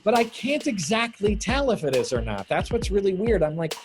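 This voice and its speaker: A co-host on a casual video call tells stories animatedly and acts out the people he quotes. His voice sits high and moves fairly quickly, and the video-call audio, picked up by phone or call mic, has music behind it.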